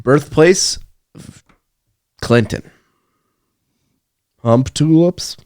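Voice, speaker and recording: A man co-hosting a podcast in casual chat, laid-back and quick to laugh along. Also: on the high side, darkish tone, dry recording, studio quality. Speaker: podcast co-host.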